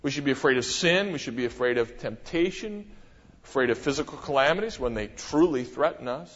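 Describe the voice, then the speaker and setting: Animated preacher in an echoey hall. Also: male voice, medium pitch, a little fast. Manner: animated preaching, many rhetorical questions, sudden emphasis. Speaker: pastor. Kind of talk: sermon. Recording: dull, echoey church hall.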